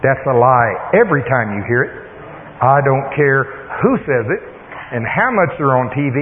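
A man's voice: mid-range voice, expressive, moderate pace. Male preacher, plain-spoken and emphatic; thin tape sound, roomy church echo. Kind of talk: sermon with storytelling. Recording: tinny lo-fi tape in echoey hall.

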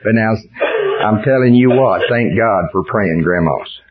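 A man's voice: fairly low pitch, a little slow, a crowd in the background. Older man preaching, fervent folksy sermon. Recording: dull lo-fi sound.

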